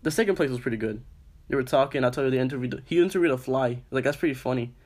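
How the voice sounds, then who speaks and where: A man's voice: medium pitch, rapid-fire, a little mellow. A young man co-hosting a casual podcast, telling a story with lots of swearing and "I was like" quotes. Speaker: podcast co-host.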